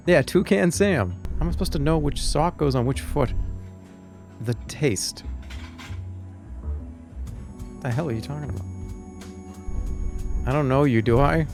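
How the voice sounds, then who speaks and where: A man's voice: on the high side, measured pace, pauses often, a little mellow, soft background music. A man streaming a video game, chatting loosely with his audience in a rambling, joking way. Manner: rambling, jokey, talks to chat. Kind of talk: live gaming commentary.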